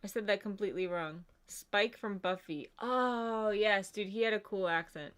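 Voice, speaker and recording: A woman co-hosts a livestream in casual chat, her mid-range voice a bit bright at a normal pace. She rambles, uses lots of fillers, says "like" constantly, and reads out chat comments.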